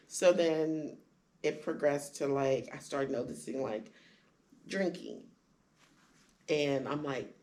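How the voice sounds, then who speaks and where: A woman candidly telling her own story in conversation, acting out quoted lines with sudden jumps in pitch. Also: unhurried, vocal fry, dark tone. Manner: acts out quoted dialogue with big pitch jumps. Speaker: guest sharing her story.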